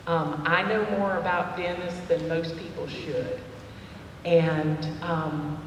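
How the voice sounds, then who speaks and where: A woman telling a personal story to a women's dinner, slow and chatty with fillers. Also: on the low side, slight background noise. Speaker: cafe owner speaking at a women's dinner. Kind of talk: personal testimony talk. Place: church fellowship hall. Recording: echoey hall, voice from far off.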